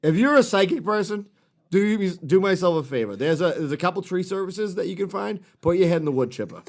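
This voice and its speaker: A man's voice: high-pitched, animated, fast talker. A middle-aged man co-hosting a podcast, ranting and swearing in casual chat. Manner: profane, ranting. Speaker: podcast co-host.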